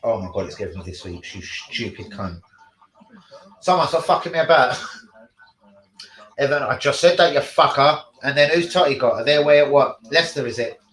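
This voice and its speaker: A man hosting a casual live stream, sweary and excitable, talking to his chat about football. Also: medium pitch, a little fast, reverberant, low-quality recording.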